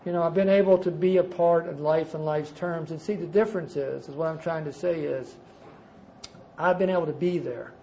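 An older man with a fairly high voice gives a personal recovery testimony to a conference audience. He tells his story emphatically, jumping from loud outbursts to quiet, dropped-off asides, and a faint hiss of noise sits under his voice. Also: fairly even intonation, fairly quick, rough recording. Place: conference gathering before a live audience.

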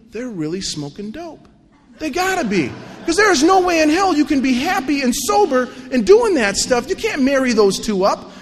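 A man with a fairly high voice tells his recovery story to a meeting, animated and self-mocking, with coarse jokes. His voice rings out with a long hall reverb behind it. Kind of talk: personal recovery story told to an audience.

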